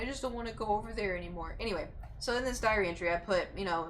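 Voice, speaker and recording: A woman's voice: medium pitch, a little fast, a little hiss or hum. A young woman streamer animatedly telling a story from her childhood to her chat. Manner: animated, acts out quoted voices. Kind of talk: casual storytelling.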